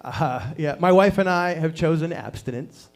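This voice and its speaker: A man in his thirties doing a deadpan stand-up set at a small open mic, acting out quotes with big jumps in pitch. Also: normal speed. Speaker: stand-up comedian. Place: small performance venue.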